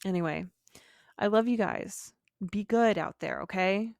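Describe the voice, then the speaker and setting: A woman's voice: mid-range voice, measured pace, gravelly, dry recording, studio quality. A young woman with a Southern accent hosting a casual solo podcast, rambling, crude and giggly. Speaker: podcast host.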